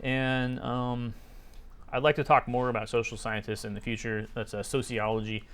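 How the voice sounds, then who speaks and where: A man's voice: medium pitch, flat delivery, normal speed, a bit bright, smooth. A man casually reading aloud from a research paper and commenting on it with sarcastic, skeptical remarks and many fillers.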